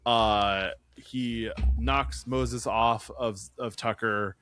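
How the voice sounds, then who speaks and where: A man's voice: mid-range voice, steady tone, extremely slow, a bit bright, clear, resonant tone, faint music behind. A man co-hosting a podcast, recapping a horror film plot in casual chat, with many ums and uhs. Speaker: podcast co-host.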